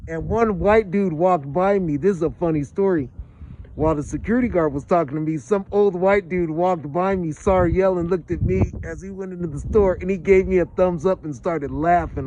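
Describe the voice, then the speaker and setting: A man from Los Angeles telling a profane personal story with animated delivery, acting out what people said. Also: sits high, moderate pace, lo-fi sound, slight background noise. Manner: lively, profane, acts out quotes.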